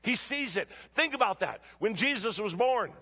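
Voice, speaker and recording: A man preaching a storytelling sermon in a church, shouting during his stories and dropping low for his main points. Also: expressive, moderate pace, big-room sound. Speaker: guest preacher. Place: church sanctuary.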